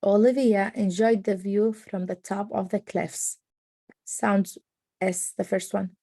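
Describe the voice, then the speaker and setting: A woman practising pronunciation, slowly and carefully repeating words and sentences. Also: medium pitch, fairly even intonation, warm tone, no echo. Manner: slow, careful repeating and reading aloud. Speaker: language student.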